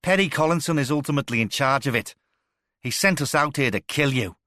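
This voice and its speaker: A man reading an audiobook voices a wounded male mercenary with a Liverpool accent, shouting and spitting the words through pain in a raised, strained voice. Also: mid-range voice, expressive, takes it slowly, no room sound, clean studio sound, voice pushed up. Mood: defiant.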